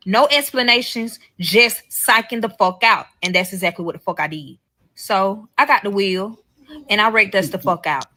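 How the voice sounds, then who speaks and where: A woman with a bright, forceful voice telling a storytime from her own life. She speaks bluntly and curses freely, calling her viewers y'all. Her pitch sits in the middle range. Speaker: storyteller in a played clip. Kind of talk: casual storytime monologue.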